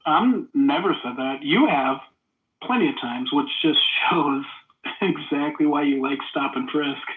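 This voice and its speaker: A man's voice: a little high, measured pace, background noise. A man in a heated casual debate in a live chat room, mocking and sarcastic toward the others. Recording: phone-like audio in an echoey room.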